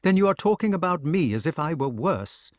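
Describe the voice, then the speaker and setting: A proud queen with a quick temper, lifted high and lively, as a male narrator puts her on. Her talk turns sharp and scolding, in a storybook reading. The sound is close and dry. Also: dry recording. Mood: angry.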